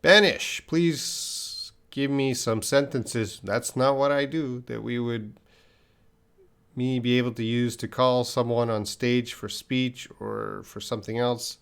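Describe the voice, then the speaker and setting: Male English teacher, live Q&A, slow and deliberate, mid-pitched, patient, thinks aloud. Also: steady tone, creaky, a bit bright, smooth. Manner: slow, patient explaining with pauses and restarts. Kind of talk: live-stream Q&A lesson.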